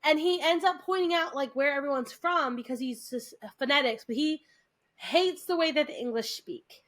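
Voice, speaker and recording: A woman's voice: high-pitched, moderate pace, a bit bright. A young woman co-hosting a podcast, chatting casually and retelling scenes with playful impressions. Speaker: podcast co-host. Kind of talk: casual chat.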